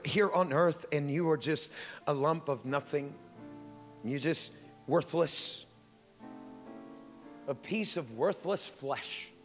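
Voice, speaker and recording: In a large hall, a man preaches a church sermon, telling a story softly and sinking to near whispers before building to shouted praise and speaking in tongues. His voice is on the high side and gravelly.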